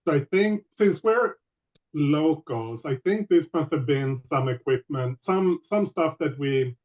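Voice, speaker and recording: A man playing in a tabletop game who talks haltingly and keeps correcting himself. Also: a little high, animated, darkish tone, highs cut off. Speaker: player.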